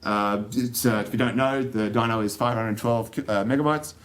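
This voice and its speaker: A man's voice: medium pitch, fairly even intonation, normal speed. An Australian man giving a technical talk to an audience, joking and rambling with plenty of fillers and restarts. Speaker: conference speaker. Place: conference room.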